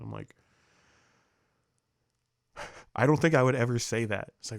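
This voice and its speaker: A man's voice: mid-range voice, fast talker, pauses often, no room sound, clean studio sound. A young man commenting casually on clips, rambling and profane, laughing often and slipping into mocking voices. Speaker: commentary vlogger reacting to clips.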